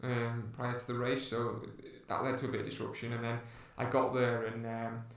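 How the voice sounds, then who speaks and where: A man's voice: mid-range voice, completely flat delivery, normal speed. A man, a podcast co-host and runner, telling a rambling story in casual chat with many restarts. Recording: echoey room, distant mic.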